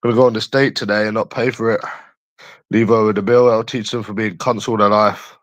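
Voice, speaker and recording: A man's voice: lowish voice, little pitch movement, brisk, no room sound. A young man from London chatting on a livestream, crude, taunting and repeating himself as he answers viewers. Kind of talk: casual chat answering viewers.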